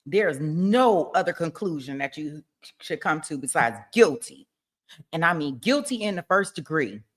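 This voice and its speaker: Pushy courtroom prosecutor giving his closing, slow and emphatic, with a lowish voice, put on by a woman. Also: animated. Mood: insistent.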